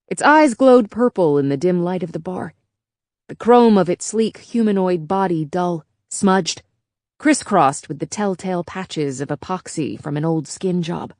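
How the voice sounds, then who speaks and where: A woman reading a novel aloud as a measured first-person audiobook narrator. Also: lowish voice, a little mellow, dry recording, studio quality. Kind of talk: scripted narration.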